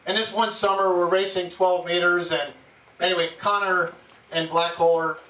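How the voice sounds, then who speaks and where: A man's voice: high-pitched, normal speed. A man from New Jersey giving a keynote speech, telling jokey anecdotes to an audience. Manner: lively, jokey anecdotes with frequent laughs. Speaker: keynote speaker. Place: yacht club event room. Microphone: far amateur camera. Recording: roomy, distant, noisy amateur tape.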